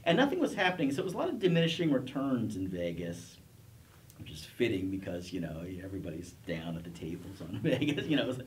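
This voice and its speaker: A man's voice: on the low side, huge pitch swings, quick pace, a little mellow, distant mic, slight background noise. A middle-aged man, a professor, telling his career story in a casual interview, rambling with restarts and self-deprecating chuckles. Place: college TV studio.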